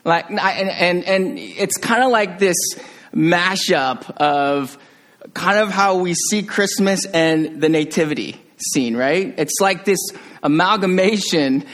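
Guy pastor giving a chatty sermon, voice a bit on the high side, gets real quiet on the serious bits. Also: animated, slow pace. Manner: conversational, jokey, with restarts and sudden quiet hushed drops.

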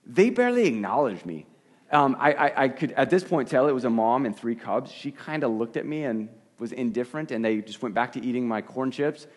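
A man's voice: medium pitch, brisk, breathy edge. Man telling a story from the pulpit. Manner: storytelling, animated, self-deprecating, frequent restarts. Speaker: pastor. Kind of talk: sermon with personal story.

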